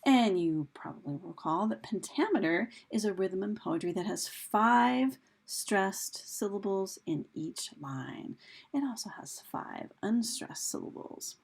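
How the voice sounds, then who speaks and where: Woman teacher, gravelly husky voice, casual recorded lesson, asks her class questions. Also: medium pitch, lively intonation, unhurried. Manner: chatty, with fillers and rhetorical questions to students. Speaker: English teacher. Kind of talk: recorded lesson over slides.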